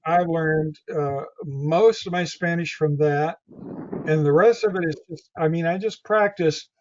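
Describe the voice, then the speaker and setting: A man's voice: on the high side, unhurried, muffled recording. A man with a Southern Tennessee accent, a guest in a casual interview, who rambles and often repeats his words.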